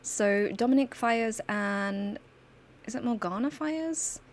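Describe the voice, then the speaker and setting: A woman's voice: fairly high pitch, slow pace, slight background noise. A woman hosting a gaming channel, chatting casually and storytelling through her gameplay. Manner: chatty, storytelling, laughs often.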